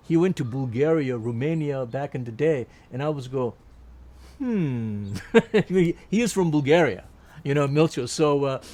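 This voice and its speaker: An older Turkish man, a native speaker, rambles through a long anecdote during an interview, restarting often and laughing along the way. His voice sits in the mid range, a little mellow, and moves at a moderate pace.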